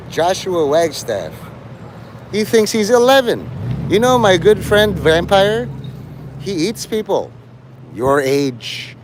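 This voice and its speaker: A sarcastic man streams live, teasing a viewer in a lively, swooping voice that sits a little high. His tone is mocking and crude. Faint traffic hums in the background. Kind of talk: rambling livestream banter.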